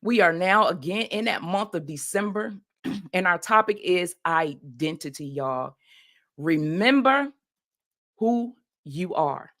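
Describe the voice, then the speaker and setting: Woman host, slightly low voice, motivational faith talk full of "come on, y'all". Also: expressive, slow pace, fairly bright tone. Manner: preacherly call-and-response, often says "y'all". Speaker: podcast host and life coach.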